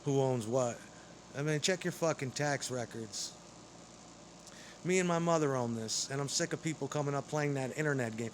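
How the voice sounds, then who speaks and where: A man's voice: medium pitch, normal speed, slight background noise. A man delivering an angry, rambling, profane monologue straight to camera.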